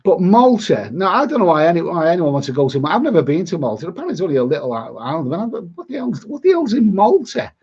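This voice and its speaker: A man's voice: high voice, sing-song, quick pace, hardly any pauses, a little mellow, breathy edge. A man from Liverpool with a Liverpool accent, rambling bluntly and grumbling through a casual live-stream chat as a travel vlogger. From Liverpool, England. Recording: dull lo-fi sound.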